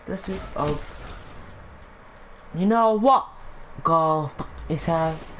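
A woman commentating her gameplay, excitable, breaking into high squeals, swearing and catchphrases aimed at her viewers. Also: unhurried, pauses often, a little hiss or hum. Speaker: gaming channel host.

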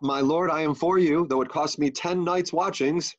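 A man's voice: on the high side, normal speed, natural voice. A teenage boy playing a doting old nobleman father in a Shakespeare school play, sometimes stumbling over his lines. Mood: fond. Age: late teens. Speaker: student actor. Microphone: video call. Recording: muffled video-call audio.

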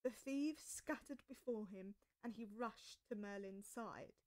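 A woman narrating a storybook aloud with expressive delivery. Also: mid-range voice, measured pace.

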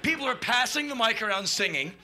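Excitable man telling a wild story. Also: very high-pitched, brisk. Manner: excitable, profane, shouts and mimics noises. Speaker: spoken-word storyteller. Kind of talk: animated anecdote with sound effects.

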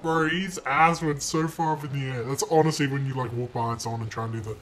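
Speaking quickly in a steady, mid-range voice, a young man hosts a gaming channel from a room at home, using a desk mic. He gives crude, sarcastic, profane commentary while playing, taunting other drivers and erupting in sudden loud outbursts and shouting.

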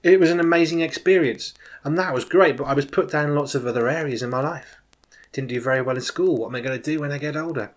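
A man in his forties, a children's minister, giving an informal, animated personal testimony as a sermon, with emphatic swings in loudness. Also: a little high, fast.

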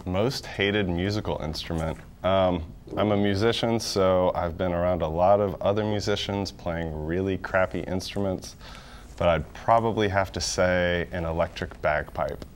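A man's voice: sits low, normal speed, slight background noise. A man on a dating game show, giving easygoing joking replies. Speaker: contestant. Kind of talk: casual game show answers.

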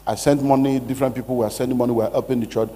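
A man's voice: medium pitch, fairly even intonation, very fast, dark tone. A man who is a pastor, giving a preaching-style money lecture with emphatic rhetorical questions. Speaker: pastor teaching a money seminar.

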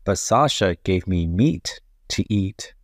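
A man voicing a wise, helpful storybook cat, calm and matter-of-fact. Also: sits low, slow pace, no room sound, studio quality, heavily acted. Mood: calm advice.

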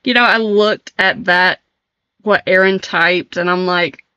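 A woman's voice: lowish voice, fairly even intonation, unhurried, bright, forceful tone, smooth, no echo, lo-fi sound. A woman streamer chatting casually on a live stream, giggly and flustered, laughing often as she reacts.

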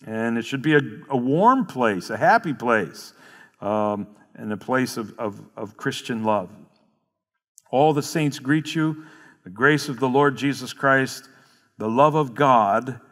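A man's voice: mid-range voice, a bit bright. Earnest male pastor in a reverberant hall. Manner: earnest, explains verses and repeats key phrases. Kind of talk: sermon. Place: church sanctuary.

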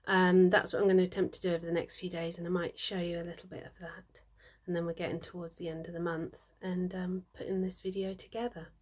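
A woman's voice: fairly low pitch, level tone, quick pace, a little mellow. A woman, casually chatting in a studio vlog about her needle-felted animals, thinking aloud with frequent ums. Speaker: needle felting vlogger.

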